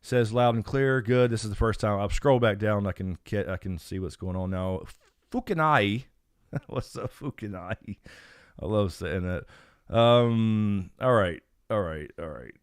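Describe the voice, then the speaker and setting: A man with a smooth, fairly low voice chats loosely through a live stream Q&A, greeting viewers and wandering between thoughts with plenty of fillers. The sound is dry and close, with no room around it. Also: moderate pace, no echo. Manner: rambling, reads chat names aloud, frequent fillers. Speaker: YouTube channel host. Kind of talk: casual live stream Q&A chat. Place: home.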